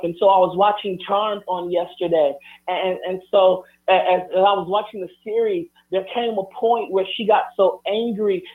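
A man preaching a sermon, driving his points home with repeated, building refrains. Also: high voice. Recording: tinny phone-like broadcast sound.

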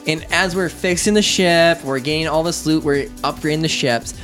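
A man telling a gaming story in casual chat with friends, acting out the lines other players shouted. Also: on the high side, moderate pace, faint music behind.

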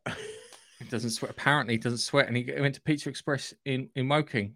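A man's voice: medium pitch, fairly even intonation, fairly quick, fairly bright tone, no room sound. He is a man co-hosting a podcast, with a mid-range voice. He chats and jokes casually and often trails off mid-sentence. The sound is dry and close, with no room. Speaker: podcast co-host. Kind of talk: casual chat.

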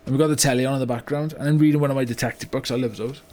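An actor playing a remorseful older British business owner in a comedy monologue, with a rambling delivery full of "you know" and "right?". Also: male voice, mid-range voice, steady tone, racing, a little mellow, close to an everyday voice. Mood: rueful. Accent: British English. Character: remorseful older male car yard owner, blunt. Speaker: business owner telling a story. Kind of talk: mock-documentary comedy monologue.

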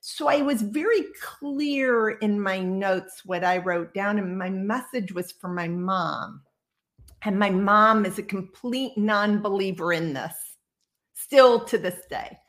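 A woman in her sixties from Iowa, a guest on a video call, telling her story in a lively, casual way and acting out the people she quotes. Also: mid-range voice, slow. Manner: lively storyteller who acts out quoted dialogue. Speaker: guest psychic medium.

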